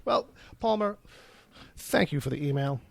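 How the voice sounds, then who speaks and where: Man, podcast host, high pitch, gravelly, profane joking chat. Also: lively intonation, a little slow, dry recording. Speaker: podcast host reading listener emails. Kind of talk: casual chat.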